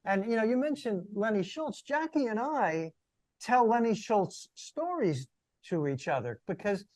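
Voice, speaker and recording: Relaxed older male podcast co-host. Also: sits high, a little slow, no room sound. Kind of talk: casual podcast chat.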